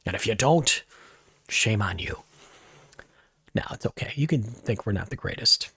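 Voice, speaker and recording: A man's voice: lowish voice, animated, measured pace, gravelly, sharp tone, slightly rough, no room sound. A man hosting a podcast, telling a rambling, chatty story with asides, in a dry close mic recording. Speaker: podcast host. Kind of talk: casual storytelling monologue.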